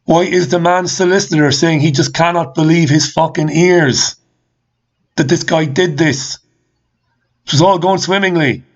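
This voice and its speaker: A man's voice: a little high, fairly even intonation, unhurried. A man hosting a talk show, ranting in commentary with repeated questions and swearing. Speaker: host. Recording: slightly dull lo-fi sound.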